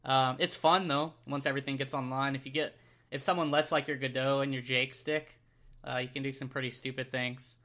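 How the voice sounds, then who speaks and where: Laid-back American guy co-hosting a podcast, crisp bright voice, self-deprecating and chuckly. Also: medium pitch, fairly even intonation, a little fast. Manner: easygoing, self-deprecating, laughs often. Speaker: podcast co-host. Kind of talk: casual podcast chat.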